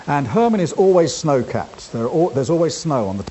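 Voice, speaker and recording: A man preaching a sermon, talking in an unhurried, thoughtful way with frequent fillers and restarts. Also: on the high side, very animated, dark tone, slight background noise.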